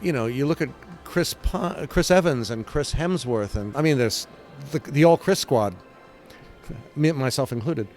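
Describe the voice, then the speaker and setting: An older man from England, a comic book writer being interviewed, telling stories with lively sound effects and acted-out quotes. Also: medium pitch, a little slow, faint music behind. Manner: animated, acts out scenes with sound effects and quoted voices. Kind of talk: casual interview storytelling.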